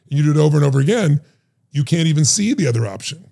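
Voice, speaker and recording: Gravelly, husky fast-talking man. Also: fairly high pitch, expressive, dark tone. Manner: acts out quotes in raised voices, emphatic. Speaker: guest, life strategist. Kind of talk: animated storytelling.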